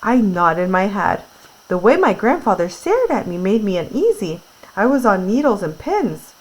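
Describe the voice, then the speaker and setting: A woman's voice: mid-range voice, very animated, normal speed, rough recording. Woman reading a novel aloud to a class. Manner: reads aloud, then retells in casual words with fillers. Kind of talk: classroom read-aloud with retelling.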